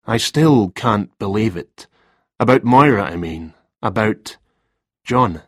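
A man's voice: on the low side, expressive, slow, dry recording, clean studio sound. A man voicing a hesitant, rambling male freelance writer in an audiobook. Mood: subdued.

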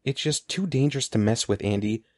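A man's voice: medium pitch, a little fast, dry recording, clean studio sound, lightly acted. A man voicing a frightened young boy in a storybook, urgent and firm. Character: scared young boy, insistent.

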